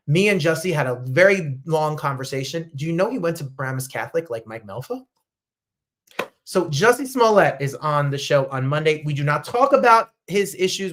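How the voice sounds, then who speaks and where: A man from New Jersey hosting a talk show, chatting casually with gushing, animated asides. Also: medium pitch. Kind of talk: casual livestream chat.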